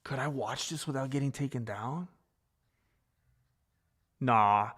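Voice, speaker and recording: A man on a livestream speaks slowly to his chat in a middle-pitched, slightly bright voice. He rambles loosely, laughs readily and drifts from one idea to another.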